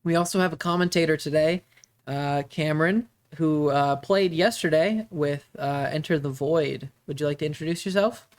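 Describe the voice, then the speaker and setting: A man running a tabletop game stream as game master, narrating with many halting fillers. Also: fairly high pitch.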